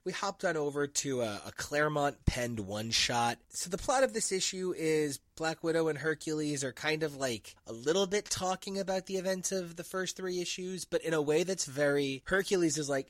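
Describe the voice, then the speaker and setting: A man hosting a comic book review podcast, talking in a sarcastic, animated way with some swearing. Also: fairly high pitch, moderate pace, few pauses, no room sound. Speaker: podcast host.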